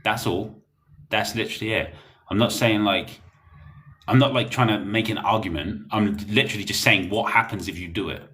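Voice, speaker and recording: Young guy rambling on his livestream, low voice, blunt, laughs a lot. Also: moderate pace, bright, forceful tone. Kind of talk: casual livestream chat reading comments.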